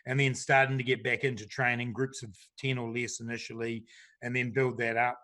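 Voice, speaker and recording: A middle-aged man, answering panel questions as a government minister in a relaxed, chatty way with frequent fillers. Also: medium pitch, a little fast.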